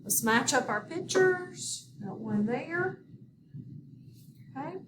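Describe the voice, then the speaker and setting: A woman teaching a phonics lesson in a recorded video, slow and patient, often checking in with her students. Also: high voice, animated. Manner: slow, patient, instructive with repeated prompts. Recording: distant mic with background noise.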